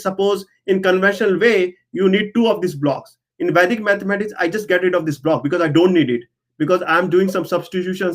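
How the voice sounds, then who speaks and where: High-voiced man explaining earnestly. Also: a bit bright. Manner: earnest, keeps checking in with "right?". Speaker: guest, engineer and researcher. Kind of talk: explanatory conversation.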